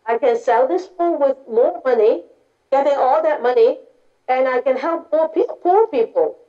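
A woman voicing a calm, kindly male Buddha who speaks gently and plainly in a story. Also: high-pitched, moderate pace, faint music behind, close to an everyday voice. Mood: gentle. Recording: dull lo-fi recording.

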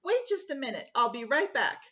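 A woman's voice: high voice, big pitch swings, brisk, sharp tone, highs cut off, heavily acted. A woman voicing an earnest young male bear cub in a storybook.

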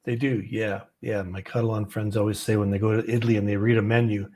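Husky-voiced easygoing man from canada. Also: on the low side, level tone, fast, warm tone. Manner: chatty, easygoing, laughs often. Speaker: trading livestream host. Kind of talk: casual livestream chat and chart walkthrough. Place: office.

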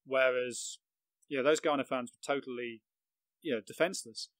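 A man's voice: mid-range voice, fairly even intonation, normal speed, fairly bright tone, no echo, poor audio. A middle-aged man from England recounting a match he covered as a journalist, vivid and self-mocking, laughing at his own story. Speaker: football journalist, guest. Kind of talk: anecdotal storytelling on a podcast.

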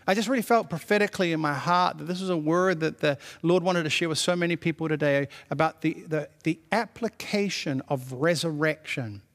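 High-voiced preaching pastor in a hall. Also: male voice, brisk, hardly any pauses, a bit bright. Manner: preaching with repeated declarations, reading scripture aloud. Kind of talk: sermon.

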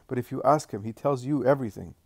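A man voicing a blunt, curious older male apostle who speaks in a hushed, confiding way. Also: medium pitch, fast, no room sound, lightly acted.

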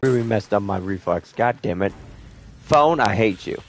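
A young man giving casual let's-play commentary, joking, swearing a lot and letting out sudden loud whoops. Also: on the low side, lively intonation, normal speed, slight background noise. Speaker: gameplay streamer.

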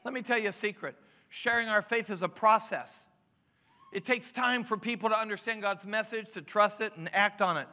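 A pastor in his fifties preaches in an emphatic, stop-and-start way and keeps throwing questions at the room. His voice sits high for a man and rings bright. Long hall reverb trails every phrase. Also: moderate pace. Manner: emphatic preaching with frequent restarts and rising questions. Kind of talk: sermon.

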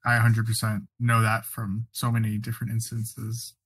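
A man co-hosting a podcast, telling a sports story in an animated, excitable way. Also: lowish voice, moderate pace, husky. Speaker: podcast co-host. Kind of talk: casual chat.

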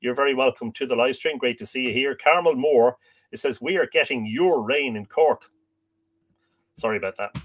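A man's voice: mid-range voice, moderate pace, a bit bright. An Irish man hosting a casual livestream, greeting viewers by name and making jokes as he reads out their comments. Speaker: livestream host.

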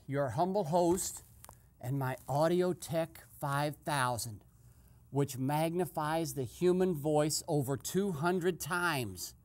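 A male host doing a comic eavesdropping skit, giving a hushed, gleeful play-by-play that breaks into sudden excited outbursts. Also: fairly high pitch.

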